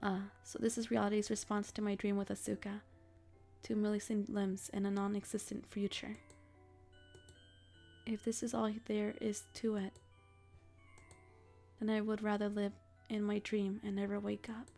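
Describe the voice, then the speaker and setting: A woman voicing a brooding young man, a fallen dreamy prince, reading a visual novel aloud in a quiet, pleading, melancholy way. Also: mid-range voice, completely flat delivery, normal speed, creaky, long pauses, faint music behind, lightly acted.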